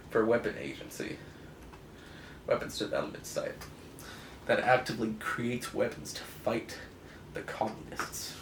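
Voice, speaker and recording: A man's voice: medium pitch, a bit bright, slight background noise. A young man in casual comic commentary, sarcastic and mocking, firing rhetorical questions, in an echoey room. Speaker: comic book reviewer.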